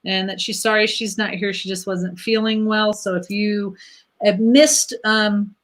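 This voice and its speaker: Slow, blunt woman hosting a card-reading stream. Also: medium pitch, steady tone. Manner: blunt, swears freely, laughs easily. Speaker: spiritual livestream host. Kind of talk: casual livestream chat, card reading.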